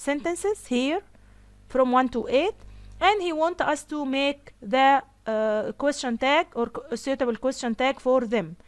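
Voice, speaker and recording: A woman teaching an English grammar lesson, slowly repeating each example sentence. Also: high voice.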